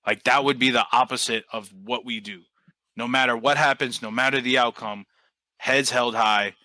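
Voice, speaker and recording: Guest spot: young New man, bright voice, dry close sound, loose storyteller who swears casually. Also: mid-range voice, steady tone, normal speed, no room sound, poor audio. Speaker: podcast guest, team coach.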